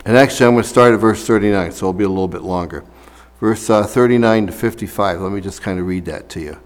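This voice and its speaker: A man's voice: lowish voice, fast talker, in a large hall. A man preaching a sermon as a pastor, talking casually with fillers and reading scripture aloud.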